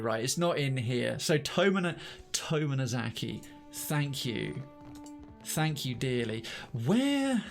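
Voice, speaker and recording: A man streaming a video game live, chatting excitedly, often stammering and restarting his sentences, and quick to get startled. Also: medium pitch. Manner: jumpy, startled easily, exclaims. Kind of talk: live let's-play commentary.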